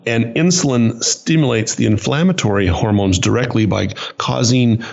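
A man's voice: mid-range voice, normal speed, vocal fry, a little mellow, breathy edge, highs cut off. A man co-hosting a podcast as the doctor, explaining at length with frequent hesitant restarts. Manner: hesitant, many restarts and fillers. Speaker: doctor co-host. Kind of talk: casual podcast chat.

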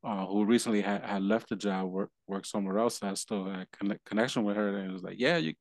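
Male podcast host, low voice, rambling and halting, dry close mic. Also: no room sound. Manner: rambling, halting restarts, laughs while venting. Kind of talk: casual conversation.

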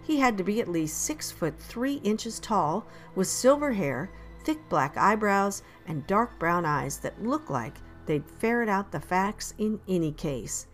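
A woman reading a first-person audiobook in a measured, steady storytelling manner. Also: mid-range voice, soft background music. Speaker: audiobook narrator.

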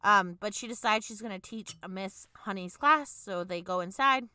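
A young woman co-hosts a casual podcast recap, talking in a bright, forceful voice. She tells the story with sassy asides and little acted quotes. The sound is dry and close. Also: medium pitch, moderate pace, clean tone, no room sound. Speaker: podcast co-host. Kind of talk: casual chat recapping a film.

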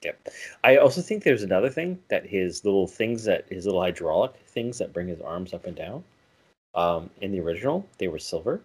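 A man's voice: low-pitched, big pitch swings, a little fast, darkish tone, breathy edge. A man co-hosting a podcast in casual chat, rambling with many restarts and self-corrections. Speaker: podcast co-host.

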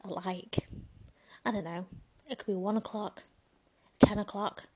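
A woman's voice: mid-range voice, fairly even intonation, unhurried, dark tone. A woman in a frank, bawdy comedic monologue, chatting casually and laughing often. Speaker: vlogger.

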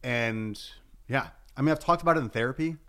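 A man chatting casually on a podcast, rambling with halting restarts and lots of fillers. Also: mid-range voice, a bit bright, smooth. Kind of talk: casual comedic chat.

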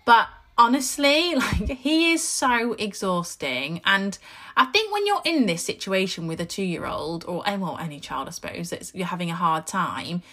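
Mum in her thirties, podcast host; bright, lively voice; chatty and candid, laughs easily. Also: medium pitch, moderate pace. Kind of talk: casual podcast monologue.

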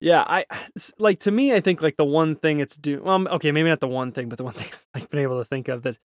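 A man's voice: a little high, fast, dry recording, studio quality. A man co-hosting a podcast, comparing films in a casual, analytical way with small chuckles. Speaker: podcast co-host. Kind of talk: casual film discussion.

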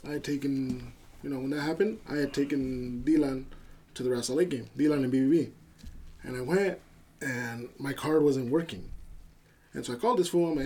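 A man's voice: medium pitch, fairly quick, dark tone. A man on a podcast telling a story in casual chat among friends, slangy and swearing, acting out quoted dialogue. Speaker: podcast co-host.

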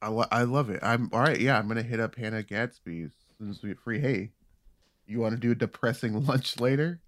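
A man co-hosting a comedy podcast, rambling and profane, with halting restarts. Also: medium pitch, fairly bright tone, no echo, clean studio sound. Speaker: podcast co-host. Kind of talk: casual comedy podcast chat.

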